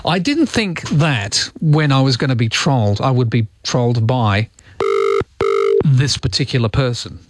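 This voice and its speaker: A man's voice: medium pitch, lively intonation, unhurried. A man with a Welsh accent hosting a radio show in a chatty, self-mocking way from the studio. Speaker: radio host. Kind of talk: casual radio chat.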